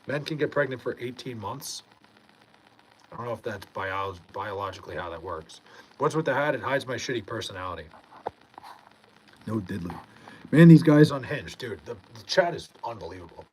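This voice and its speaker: A young man from Long Island, high and laid-back, reading comments aloud in a casual livestream and swearing freely. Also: animated, normal speed, a little mellow, slight background noise, poor audio. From Long Island, New York.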